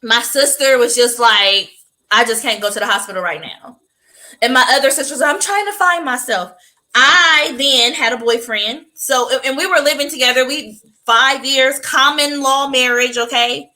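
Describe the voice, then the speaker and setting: A woman co-hosting a podcast, telling personal stories in casual chat with an expressive, emphatic delivery. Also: high-pitched, normal speed, poor audio. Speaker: podcast co-host.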